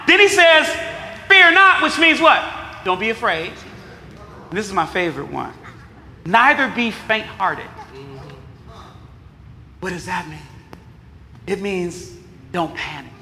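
High, bright-voiced preaching man. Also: a little hiss or hum. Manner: call-and-response preaching, shouting at peaks; casual street slang mixed with scripture. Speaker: pastor. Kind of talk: sermon. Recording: echoey hall with long reverb.

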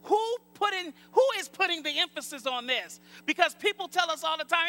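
A man preaching a sermon as pastor, calling out to the congregation and rising to shouts. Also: very high-pitched, very animated, brisk, hardly any pauses.

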